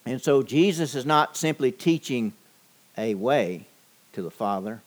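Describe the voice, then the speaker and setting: Man preaching with slow, halting pauses. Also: medium pitch, expressive. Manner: measured preaching with frequent "uh" pauses, slowing for emphasis. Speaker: pastor. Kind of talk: sermon.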